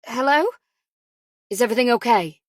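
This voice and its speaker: A woman's voice: a little high, normal speed, no echo, studio quality, lightly acted. Woman whispering as a flustered, exhausted young mother. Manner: defensive and flustered. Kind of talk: whispered role-play.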